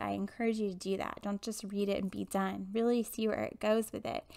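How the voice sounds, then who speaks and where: A woman in her forties tells a personal story in a relaxed, chatty monologue. Her voice has a gravelly, creaky edge at a middle pitch. She talks candidly and laughs now and then. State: emotional. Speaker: podcast host and intuitive medium.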